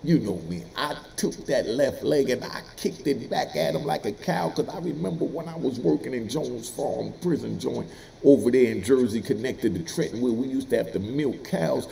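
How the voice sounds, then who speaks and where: Brief: middle-aged man, ex-prisoner storyteller, gravelly, lively swings in pitch, casual street talk. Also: a little hiss or hum. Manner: animated, streetwise, laughs while telling. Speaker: former prisoner telling stories.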